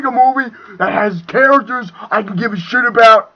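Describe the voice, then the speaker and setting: A young man ranting angrily about a movie, profane and swinging between shouting and muttering. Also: very high voice, normal speed, few pauses. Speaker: video reviewer. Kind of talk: angry movie rant. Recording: dull lo-fi home recording.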